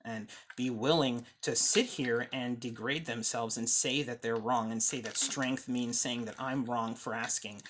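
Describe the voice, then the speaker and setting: A man's voice: mid-range voice, fairly even intonation, unhurried, hardly any pauses, pitched below the performer's own voice. A man playing a bitter, defiant male mental patient in an amateur one-man reenactment. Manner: bitter, resentful, later shouting.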